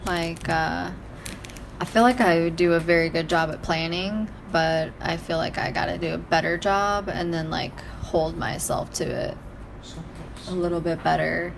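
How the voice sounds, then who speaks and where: A woman's voice: on the low side, fairly even intonation, a little slow, creaky, a little hiss or hum, low-quality recording. A woman from Iowa co-hosting a casual chat podcast from a balcony, chatty and rambling. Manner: chatty, rambling, lots of fillers. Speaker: podcast co-host. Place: balcony behind a glass panel.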